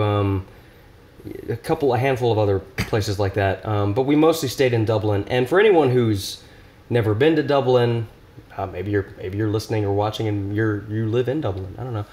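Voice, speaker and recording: A man's voice: lowish voice, a little mellow. A young man guesting on a podcast, talking casually, rambling with lots of restarts and laughter. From Nashville area, US. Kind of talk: casual chat.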